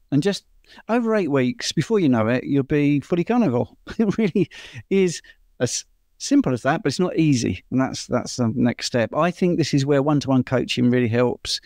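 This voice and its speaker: A man's voice: mid-range voice, animated, normal speed, darkish tone, no room sound, studio quality. A man, a doctor answering viewer questions in a casual chat, explaining things in a chatty way and laughing easily.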